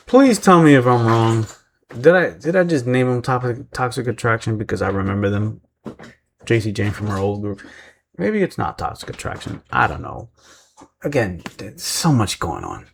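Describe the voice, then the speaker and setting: A man with a somewhat low voice talks through a wrestling show in a loose, rambling way. He keeps laughing at his own forgetfulness and now and then slips into quick mimicry of the people he is describing. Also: very animated, creaky, slight background noise. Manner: rambling, self-deprecating, mimics voices when retelling. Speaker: wrestling recap vlogger. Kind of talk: casual recap commentary.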